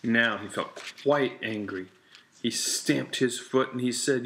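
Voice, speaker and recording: Slow, bright-voiced man reading a storybook. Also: medium pitch. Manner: slow, deliberate, repetitive storytelling cadence. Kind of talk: children's picture book read-aloud.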